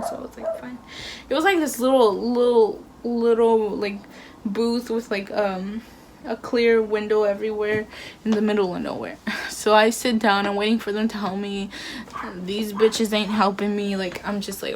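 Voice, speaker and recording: A woman's voice: mid-range voice, a little hiss or hum. A young woman casually retelling a story, full of filler words and quoted dialogue. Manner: chatty, filler-heavy retelling with acted quotes. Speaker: vlogger.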